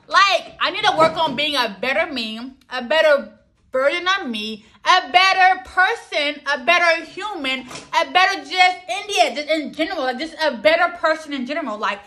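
Chatty high-voiced woman vlogger. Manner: chatty, animated, slangy with y'all. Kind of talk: casual chat to camera.

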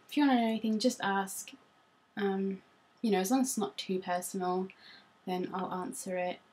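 A woman's voice: mid-range voice, a little mellow. A young woman from Norfolk with a Norfolk English accent, chatting casually to camera at home as a beauty vlogger, rambling and self-conscious with many ums. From Norfolk, England.

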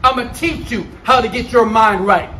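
A man giving a loud, shouting, hyped sales pitch as an online wealth promoter. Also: normal speed, a little hiss or hum.

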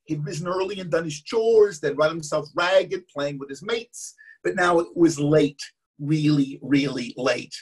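A man's voice: fairly high pitch, a little slow, a little mellow, husky. A man telling an interactive story to an all-age church audience and cueing them to act along. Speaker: guest storyteller. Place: church service.

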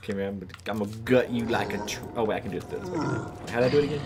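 With music in the background of a noisy home recording, the man races through casual horror-game commentary, giggling, jittery and talking to the screen. His voice is on the low side.

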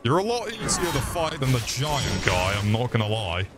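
A man's voice: medium pitch, big pitch swings, moderate pace, over music. A man streaming a game with crude, mocking comic commentary.

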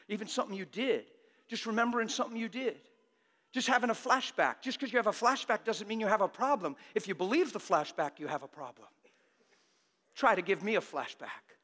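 A man preaching a fervent, exhorting sermon that bursts into shouting, in a church. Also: sits high, big-room sound.

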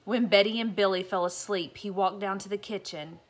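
A woman's voice: medium pitch, steady tone, brisk. Brief: a woman reading a storybook aloud, playful and chatty, with casual asides to young listeners. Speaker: storyteller reading a picture book. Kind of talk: picture book read-aloud with chatty asides.

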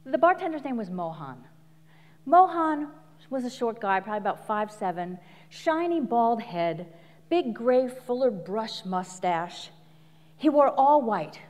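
A middle-aged woman coach giving an animated live talk full of stories, laughing often and acting out quotes. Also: a little high, unhurried, long reverb tail. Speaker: speaker and coach. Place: large venue before an audience.

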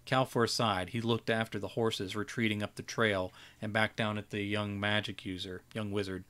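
A man's voice: on the low side, little pitch movement, fairly bright tone. A man reading his own fantasy story aloud during a live editing session, often stopping to restart and correct a phrase. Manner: reads slowly with frequent restarts and self-corrections.

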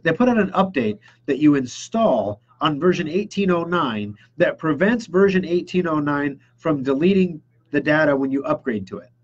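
A man's voice: fairly high pitch, breathy edge, highs cut off. A man hosting a computer repair show, chatting casually and enthusiastically as he answers viewer questions and acts out customers' reactions. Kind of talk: casual live-stream chat answering questions.

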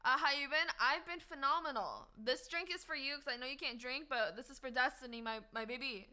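A woman live streamer chatting casually with her viewers, upbeat and slangy as she shouts them out one by one. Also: sits high, a little fast, clean tone.

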